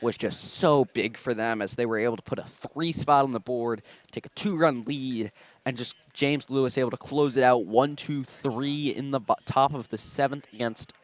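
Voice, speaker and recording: Young male color commentator, mid-pitched, calm analysis of the game, outdoor ballfield. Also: moderate pace, no echo. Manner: analytical, steady explainer. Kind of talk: high school baseball commentary.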